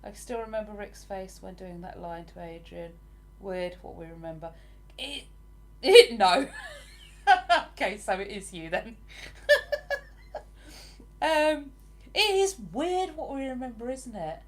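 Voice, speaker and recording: A woman's voice: mid-range voice, lively intonation, unhurried, long pauses. A woman with an English accent hosting a casual live stream, chatting and laughing easily as she greets viewers by name.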